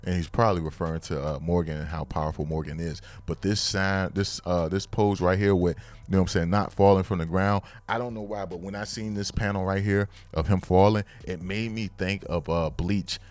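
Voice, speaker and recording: A man casually reviewing the latest comic chapters in slangy, excitable talk that now and then bursts into loud hype. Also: deep voice, brisk. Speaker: manga reviewer.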